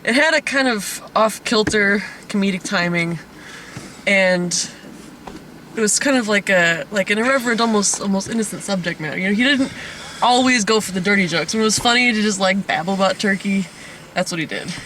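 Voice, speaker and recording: Guy with a highish voice rambling through a movie plot, laughs a lot. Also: fairly quick, bright, forceful tone, a little hiss or hum. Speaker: host of a movie review podcast. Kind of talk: casual comedic movie review.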